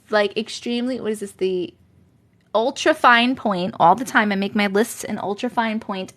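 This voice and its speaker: A woman's voice: medium pitch, a bit bright. A woman from Long Island with a New York accent, hosting a rambling, chatty live stream and laughing often. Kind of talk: casual live-stream chat.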